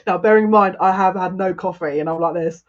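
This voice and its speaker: A woman's voice: on the low side, quick pace, lo-fi sound. A woman giving a casual live psychic reading to viewers, chatty and rambling, often breaking into laughter. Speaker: psychic reader.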